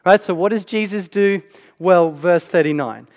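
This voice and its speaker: This sermon comes from a high-pitched man who talks to his congregation at a moderate pace, like he's having a conversation, and keeps asking "right?" A long reverb from the big hall trails his voice.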